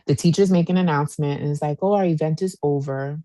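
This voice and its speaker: Woman, 30s, low voice, dry close sound, animated storyteller, casual podcast chat. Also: fast talker, dry recording. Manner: animated storyteller, acts out quotes, says "y'all". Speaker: podcast co-host.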